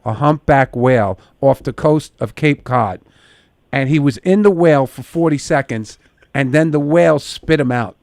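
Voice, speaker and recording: A man co-hosting a podcast in casual chat, easygoing and quick to agree. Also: on the high side, dry recording, studio quality. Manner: easygoing, brief agreeing interjections. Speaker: podcast co-host.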